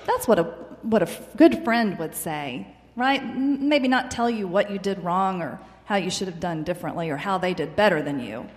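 A woman teaching a class of children, gentle and encouraging, asking them questions as she goes. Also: on the low side, lively intonation, normal speed, hardly any pauses. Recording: echoey room, faint background noise.

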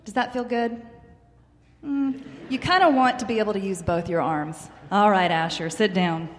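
A woman teaching a class of children, gentle and encouraging, asking them questions as she goes. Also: mid-range voice, moderate pace. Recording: echoey room, faint background noise.

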